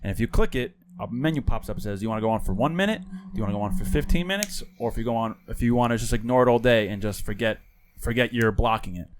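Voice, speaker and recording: A man's voice: medium pitch, rapid-fire, few pauses, slight background noise. A man co-hosting a podcast, talking bluntly in a casual chat and swearing freely.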